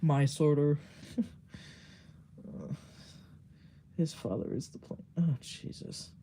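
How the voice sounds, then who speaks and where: A man's voice: a little high, expressive, takes it slowly, warm tone, slight background noise. A man chatting on a livestream, rambling with filler words, giggling often and swearing casually. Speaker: streamer.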